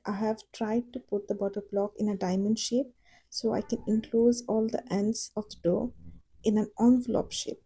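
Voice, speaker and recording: Calm woman explaining baking steps. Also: fairly high pitch, breathy edge, rough recording. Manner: calm, encouraging step-by-step explanation. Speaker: home baker. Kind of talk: cooking tutorial voice-over.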